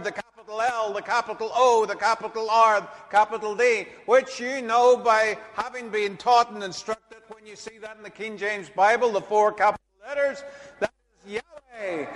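A man's voice: sits high, fairly bright tone, big-room sound. A male preacher giving a sermon to a congregation, chatty, with joking asides and chuckles. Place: church hall before a congregation.

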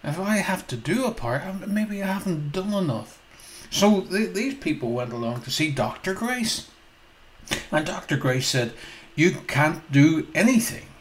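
A man's voice: sits high, sing-song, moderate pace, low-quality recording. A male preacher telling a parable in a sermon, emphatic and prone to asking his listeners questions. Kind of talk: sermon storytelling.

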